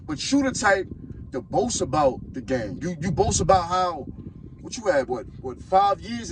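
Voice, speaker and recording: A man's voice: high-pitched, very animated, moderate pace, a little hiss or hum, low-quality recording. A man from Harlem, hosting a podcast and delivering a blunt, mocking rant. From Harlem, New York. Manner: blunt, mocking, heated street talk. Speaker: podcast host. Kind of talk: ranting commentary.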